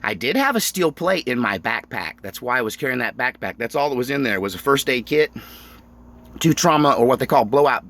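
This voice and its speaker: Animated, bright-voiced man telling stories. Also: mid-range voice, brisk. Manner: animated, emphatic, laughs often. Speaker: vlogger. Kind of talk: casual storytelling monologue.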